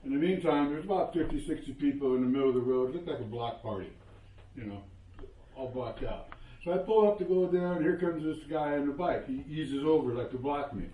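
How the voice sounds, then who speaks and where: A man's voice: a little high, fairly quick, narrow, tinny audio. Older man telling a story in an echoey room. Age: 70s. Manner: animated, acts out quoted exchanges, curses freely. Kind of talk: casual spoken storytelling. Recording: roomy echo, voice from a distance.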